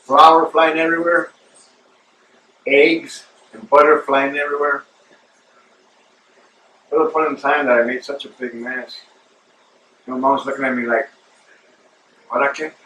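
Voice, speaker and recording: Host, male, rambling casual storyteller with a bright, forceful voice, recorded distant from the mic in a roomy space. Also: mid-range voice, flat delivery, measured pace, long pauses, a little hiss or hum. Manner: rambling, filler-heavy, calls listener bro. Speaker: show host.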